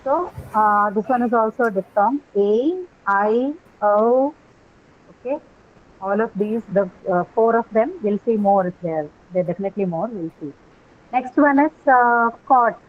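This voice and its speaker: A woman's voice: a little high, measured pace. A woman teaching English pronunciation in a live class, patiently spelling words letter by letter and repeating them. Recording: slightly muffled recording.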